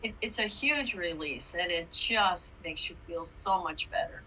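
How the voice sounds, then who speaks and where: A woman leading a guided meditation in a slow, soothing way, then chatting warmly as podcast host. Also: fairly low pitch, slight background noise. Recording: music playing behind the voice.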